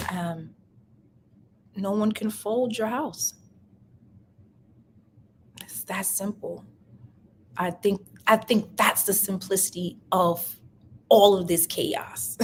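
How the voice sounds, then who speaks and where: Hosting an emotional live stream about love and life, a young adult woman talks in a lowish voice, with a little hiss or hum in the audio. She speaks with deep feeling, nearly crying, and keeps repeating phrases to drive her point home.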